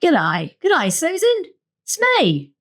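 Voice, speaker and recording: A woman's voice: very high voice, huge pitch swings, takes it slowly, fairly bright tone, pitched above the performer's own voice, heavily acted. A woman putting on a mock Australian accent to play a brash, assertive office worker. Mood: bold. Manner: bold, chirpy greeting.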